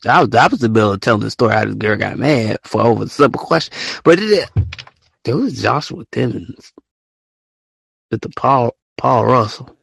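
A man hosting a live audio show, ranting in casual slang and often jumping into high, mocking quotes. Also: lively intonation, moderate pace, vocal fry, fairly bright tone, husky, no echo, clean studio sound. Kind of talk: casual rant to listeners.

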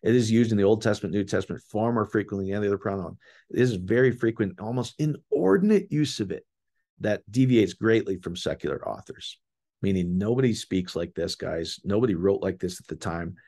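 A man's voice: lowish voice, fairly quick, dark tone. A man teaching a casual, enthusiastic scripture word study and explaining terms to his listeners. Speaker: bible teacher.

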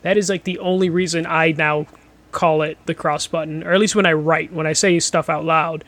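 A man's voice: a little high, steady tone, moderate pace, a bit bright. A man co-hosting a gaming podcast in casual chat, blunt and profane, often laughing as he talks. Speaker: podcast co-host.

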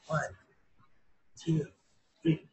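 A man's voice: extremely slow, slight background noise, low-quality recording. A man, an author being interviewed, telling stories with expression and often repeating his words. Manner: expressive storyteller, acts out quoted voices, repeats words. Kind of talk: animated storytelling in conversation.

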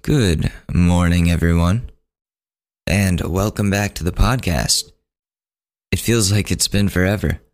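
Very deep-voiced man losing his voice. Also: takes it slowly, long pauses. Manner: rambling, self-interrupting, casual. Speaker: podcast host. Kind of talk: solo podcast monologue.

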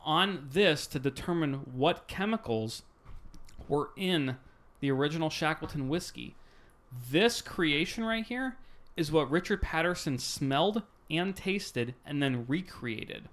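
A man in casual chat, brisk and keeping the others moving. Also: fairly high pitch, expressive, fairly bright tone. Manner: brisk, steers the others along. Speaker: tasting co-host.

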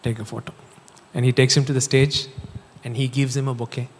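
Man, preacher, animated joking sermon, long hall reverb. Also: medium pitch, fairly quick. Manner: animated storytelling, jokes and laughs.

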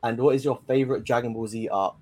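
Chatty joking caller on a podcast. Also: male voice, mid-range voice, steady tone, quick pace, darkish tone. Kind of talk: casual football chat.

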